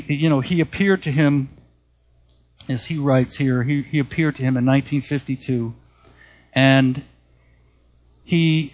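A male preacher retelling a written account during a sermon, in an animated storytelling manner that rises for quoted speech. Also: medium pitch.

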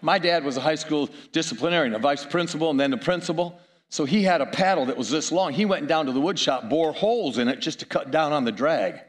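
A man's voice: fairly high pitch, expressive, fast talker. A middle-aged man preaching a sermon, telling stories with chuckles and asides to the audience.

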